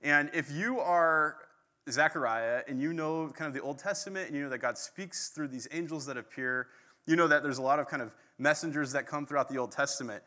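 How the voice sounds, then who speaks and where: A man preaching a sermon in a casual, animated storytelling way. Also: a little high. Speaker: pastor. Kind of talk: conversational sermon.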